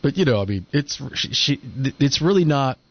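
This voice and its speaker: A man's voice: mid-range voice, very animated, moderate pace, muffled recording. A man hosting talk radio in casual conversation, rambling with frequent restarts. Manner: rambling, hesitant. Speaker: radio host.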